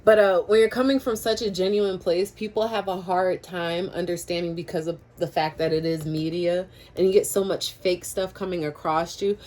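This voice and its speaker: Woman tarot reader, casual and chatty, spiritual, quick to laugh, loose language. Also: lowish voice, steady tone, a little mellow. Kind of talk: casual tarot reading to camera.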